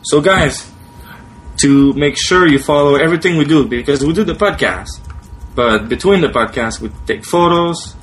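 A man with a French accent co-hosting a casual podcast, talking in a relaxed, halting way with frequent restarts. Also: fairly high pitch, rough recording. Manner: relaxed, hesitant, restarts often. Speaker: podcast co-host. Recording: faint background noise.

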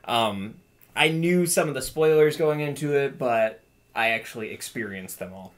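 A man's voice: medium pitch, lively intonation, moderate pace. Chatty man rambling about games. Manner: rambling, lots of "like" fillers, laughs often. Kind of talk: casual chat.

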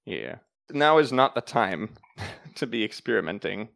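Gravelly, lowish male game master; calm, matter-of-fact rules talk, dry close sound. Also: unhurried, no room sound. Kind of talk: narrating a tabletop game.

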